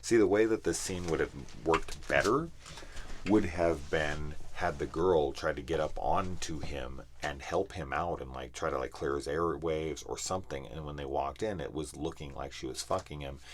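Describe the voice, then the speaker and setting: Very deep-voiced man ranting profanely. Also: moderate pace, a little hiss or hum. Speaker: film reviewer. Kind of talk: casual ranting review.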